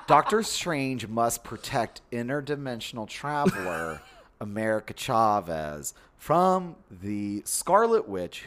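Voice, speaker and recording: A man co-hosting a podcast in casual chat, dramatic and campy, often exasperated. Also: mid-range voice. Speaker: podcast co-host.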